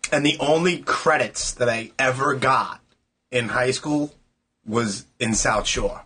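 Husky New York man, forceful. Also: medium pitch. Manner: blunt, profane, talks in quick broken restarts. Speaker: interviewer. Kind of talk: casual chat. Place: tattoo shop after hours.

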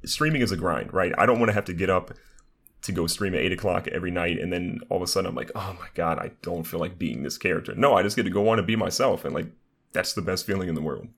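A man's voice: low voice, fast talker, creaky, fairly bright tone. A young man who is a streamer guest on a podcast, chatting casually in an upbeat, rambling way full of "like" fillers. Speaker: guest, streamer and content creator.

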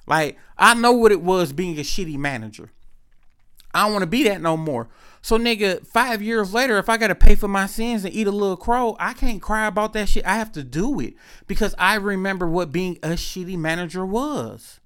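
A man's voice: a little high, animated, brisk, a bit bright, clean tone. A man telling a personal story in a casual, profane, emphatic monologue.

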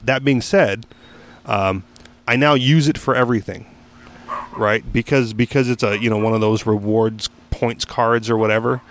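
A man's voice: mid-range voice, steady tone, moderate pace, slight background noise. A man hosting a casual podcast chat, telling a rambling story full of fillers and restarts, with casual swearing. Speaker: podcast host.

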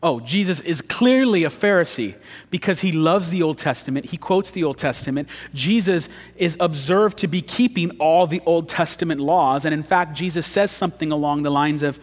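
A male pastor preaching a sermon, swinging from loud emphasis to hushed intensity. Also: fairly high pitch, normal speed. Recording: long church hall reverb.

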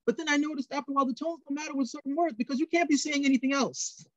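A man co-hosting a casual film review show, talking in an animated, rambling way with lots of restarts. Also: very high-pitched, very fast, dry recording, dull audio. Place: TV studio.

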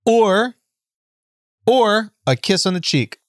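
A man co-hosts a podcast in casual studio banter, playfully spinning out silly hypotheticals for his friends. His voice is very high for a man. The sound is close and dry, with no room echo. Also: animated, takes it slowly. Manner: playful, laughs while setting up hypotheticals.

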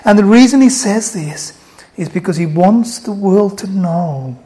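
A man preaching a sermon, swinging between loud, emphatic exhortation and hushed, soft reassurance. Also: sits high, moderate pace.

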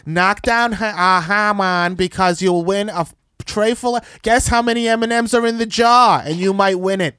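A man voicing a middle-aged man in a clown wig who announces carnival games in halting, sing-song patter. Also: high-pitched, steady tone, sharp tone, clean tone, no echo, studio quality, pitched above the performer's own voice. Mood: coaxing.

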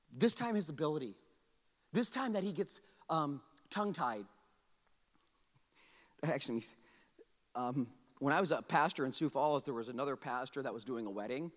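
A man pastor preaching a sermon in a church, animated, repeating words and acting out quotes. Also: a little high, normal speed. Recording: long reverb of a large hall.

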